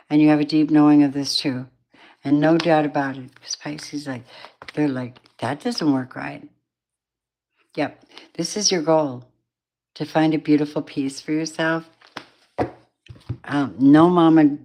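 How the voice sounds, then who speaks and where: A woman's voice: deep voice, a little mellow, slight background noise. A tired woman giving a live tarot reading in a rambling, affectionate way, calling her viewers babies and darlings. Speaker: tarot reader.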